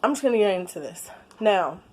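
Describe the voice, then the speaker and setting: A woman, chatting casually in a late-night home vlog, laid-back with quiet asides. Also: medium pitch, animated, brisk. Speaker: vlogger. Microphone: camera on a stand.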